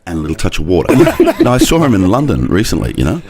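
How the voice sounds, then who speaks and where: Deep voiced middle aged guy telling a rambling story on a talk show, swings his voice up and down a lot. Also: wildly swooping pitch, fast talker, a crowd in the background.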